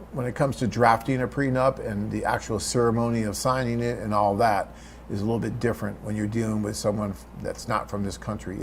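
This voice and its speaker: A man's voice: lowish voice, a little hiss or hum. Chatty man hosting a live Q&A. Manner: chatty, reads viewer questions aloud and answers off the cuff. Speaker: host answering viewer questions. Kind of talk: live webcast Q&A.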